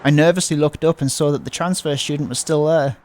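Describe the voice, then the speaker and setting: A man's voice: on the high side, steady tone, fairly quick, a little mellow, a little hiss or hum. A man reading a visual novel aloud, voicing the panicky narrator with stumbles and fearful outbursts. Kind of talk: dramatic read-aloud of a game.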